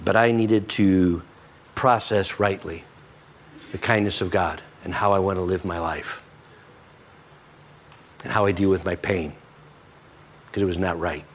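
Middle-aged male pastor preaching earnestly, leaning soft and slow on key lines. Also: deep voice, steady tone, a little hiss or hum. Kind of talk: sermon.

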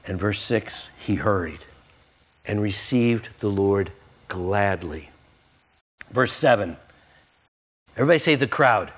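Animated, jokey male preacher. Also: fairly low pitch, slow, long pauses. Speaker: pastor. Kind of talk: sermon.

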